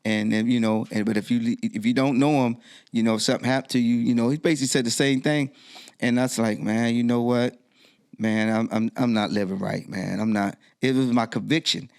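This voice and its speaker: Man, middle-aged, gravelly, animated storyteller, podcast interview guest. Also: fairly quick. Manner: animated storyteller, voice jumps high when quoting himself.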